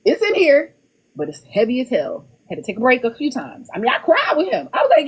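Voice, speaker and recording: A woman author talking casually on a podcast, animated and laughing often, repeating words as she gets going. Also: high-pitched, fairly quick, breathy edge. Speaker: author guest.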